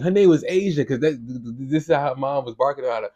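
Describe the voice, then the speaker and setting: A young man from Brooklyn, telling a wild story on a podcast in a casual, profane, animated way. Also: medium pitch, fast. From Brooklyn, New York. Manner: animated, profane, acts out voices in quotes.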